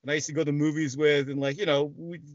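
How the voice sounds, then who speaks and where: A man's voice: on the high side, fast, no echo. A man talking as a guest in a casual interview, telling a long story with frequent restarts and casual swearing. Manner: animated, restarts often, swears freely. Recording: dry, dull lo-fi sound.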